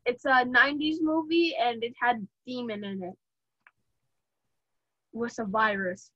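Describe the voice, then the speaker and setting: A woman's voice: fairly high pitch, fairly even intonation, measured pace, a bit bright, dry recording. A woman hosting an interview, asking playful, jokey questions in a casual chat. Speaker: host. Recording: dry, dull lo-fi sound.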